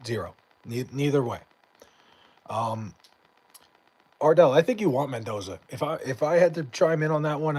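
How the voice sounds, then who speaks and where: A man's voice: mid-range voice, a little mellow, breathy edge. A man chatting casually on a live stream, reading and answering chat messages in a rambling, swearing way, his voice mostly gone so he half-whispers.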